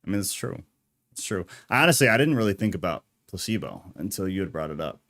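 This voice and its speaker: A man's voice: lowish voice, fast, a bit bright. A man hosting a live podcast who agrees readily and affirms his guests, reads out chat comments, and steers the show along. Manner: agreeable, affirming, with short backchannels. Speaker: podcast host.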